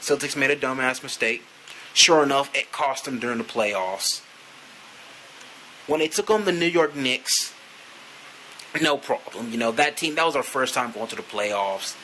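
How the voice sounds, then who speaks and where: A man with a bright, forceful voice rants loosely to camera about his team. He swears freely and rambles, leaning on "you know" between thoughts. A faint hiss sits under the recording. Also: medium pitch, animated, unhurried, long pauses, low-quality recording. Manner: profane, rambling, frequent "you know" fillers. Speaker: vlogger, sports fan. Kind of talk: casual fan rant to camera.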